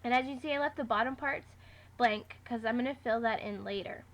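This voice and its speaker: This craft vlogger has a fairly high voice and talks a little fast. In a relaxed DIY tutorial, she chats her way through step-by-step instructions, dropping in the odd "um."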